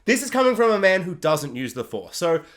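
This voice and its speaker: Animated man reviewing a series. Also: high-pitched. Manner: animated, joking, acts out scenes in quick impressions. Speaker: video reviewer. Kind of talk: casual spoken film review.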